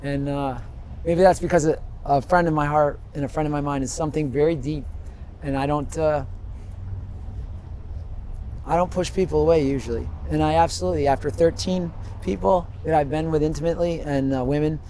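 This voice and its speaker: A man in his fifties speaks a little higher than most men, wandering from one memory to the next with lively, laughing storytelling. He is recorded outdoors, with faint street noise under his voice. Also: a little fast. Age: 50s. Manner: rambling, animated storytelling, laughs often. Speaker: interviewee. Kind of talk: street interview.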